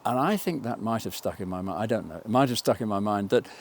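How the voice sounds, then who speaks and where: An older man with a somewhat low voice reflects in a documentary interview. He talks in a thoughtful, digressive way, often stopping to correct himself as he works out a point. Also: lively intonation, fast. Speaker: film writer and interviewee.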